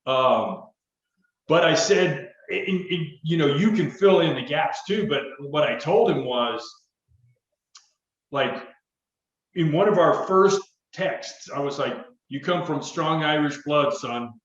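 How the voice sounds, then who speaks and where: A middle-aged man hosts a podcast, rambling and joking in casual chat, his voice fairly high, animated yet slow. The audio is dull, distant and echoey.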